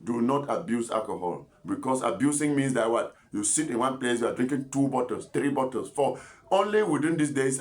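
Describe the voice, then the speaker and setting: Chatty scolding man. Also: medium pitch. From Cameroon. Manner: chatty, scolding, rambling with repeated words and asides. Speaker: doctor giving health advice. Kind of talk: informal health talk to camera.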